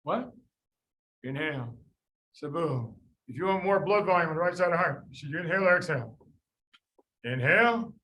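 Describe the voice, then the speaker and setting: A man tutoring medical students in a lively class, quizzing them by name and repeating the key points. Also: on the high side, moderate pace, long pauses, rough recording. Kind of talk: lively classroom teaching with drills.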